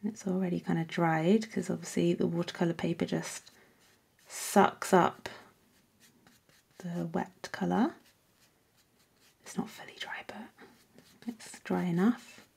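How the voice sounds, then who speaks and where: A woman hosting a painting tutorial, chatting casually as she works and often dropping into soft whispers. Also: on the low side, steady tone, unhurried, vocal fry, long pauses, breathy edge. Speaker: art workshop host.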